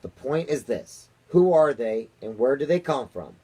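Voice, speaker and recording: A man voicing an excitable male president in a storybook read-aloud, shouting and pitched up. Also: unhurried, husky. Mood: bossy.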